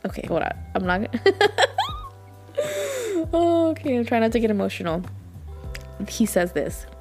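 A woman's voice: a little high, sing-song, brisk, dark tone, soft background music. A woman hosting a podcast, chatting casually and gushing, with lots of fillers. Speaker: podcast host. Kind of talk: casual chat.

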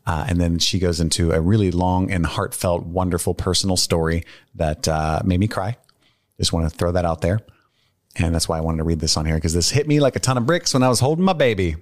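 A man's voice: low voice, a little fast, no echo, clean studio sound. A man co-hosting a podcast, casually reading listener emails aloud and chatting in a laid-back way, with easy swearing and earnest moments. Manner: sincere and earnest when speaking from the heart. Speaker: podcast co-host.

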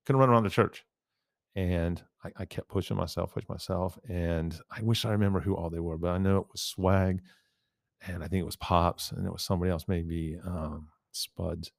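Podcast guest, man, low voice, dry close sound, lively storyteller. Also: normal speed, gravelly, no room sound. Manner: animated storyteller, quotes others often. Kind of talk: casual chat.

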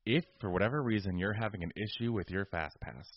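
Male podcast co-host, low-ish, exasperated storyteller; dry, dull recording. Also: fast talker, no room sound. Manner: exasperated, ranting. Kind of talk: casual storytelling chat.

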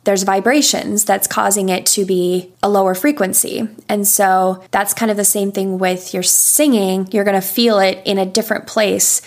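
A young adult woman speaks as a voice coach in a podcast interview. Her delivery is patient and explanatory, and she takes her time to make each point clear. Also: mid-range voice, level tone, normal speed, hardly any pauses. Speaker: voice coach and session singer. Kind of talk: instructional interview answers.

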